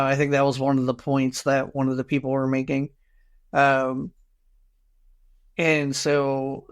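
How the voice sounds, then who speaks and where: A man's voice: medium pitch, smooth. A man co-hosting a podcast, musing aloud in casual discussion and often tagging thoughts with a questioning "right?". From United States. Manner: musing, rhetorical "right?" tags. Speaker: podcast co-host.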